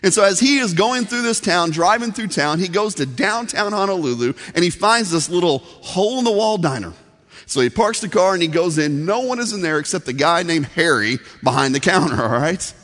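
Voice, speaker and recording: A man's voice: high-pitched, expressive, moderate pace, fairly bright tone. A man preaching a sermon as pastor, telling a story in an earnest, conversational way. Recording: long reverb of a large hall.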